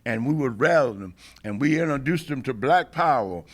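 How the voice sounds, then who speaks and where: An older man telling a long story as an interview guest, passionate and oratorical, often pausing and restarting before building to a rally-speech rhythm. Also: mid-range voice, expressive. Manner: frequent hesitations and restarts. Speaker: interview guest, veteran activist. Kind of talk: oral history storytelling.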